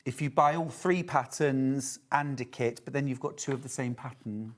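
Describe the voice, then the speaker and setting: A man's voice: mid-range voice, moderate pace. A man in his fifties presenting a live TV shopping show, chatty and teasing as he sells. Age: 50s. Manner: jokey, teasing, upbeat selling.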